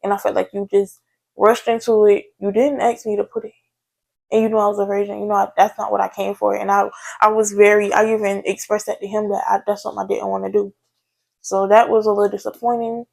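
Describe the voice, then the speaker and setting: A woman's voice: medium pitch, flat delivery, fast, gravelly. A young woman, telling a personal story to her viewers in a candid, chatty way. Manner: candid, chatty, talks straight to viewers with frequent "like" and "y'all". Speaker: vlogger. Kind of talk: casual storytime chat.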